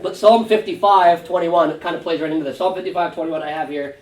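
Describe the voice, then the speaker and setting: Pastor, man, casual animated Bible teacher; mic set far back in an echoey room. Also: fairly high pitch, quick pace. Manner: conversational, animated retelling. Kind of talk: Sunday school Bible teaching. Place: church classroom. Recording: roomy room, distant mic.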